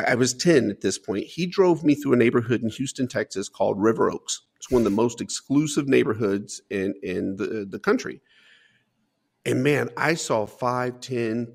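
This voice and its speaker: A man's voice: medium pitch, vocal fry, darkish tone. A man as an interview guest, telling a personal life story in an earnest, emphatic way with frequent "man" asides.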